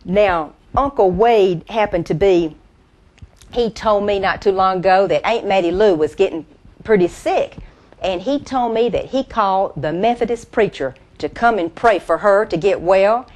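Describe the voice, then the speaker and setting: A woman's voice: mid-range voice, a little mellow, lightly acted. A woman doing a folksy country comedienne. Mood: chatty. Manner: folksy, drawn-out storytelling with laughs at punchlines. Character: folksy Southern country comedienne, chatty and homespun. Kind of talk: stand-up storytelling impression.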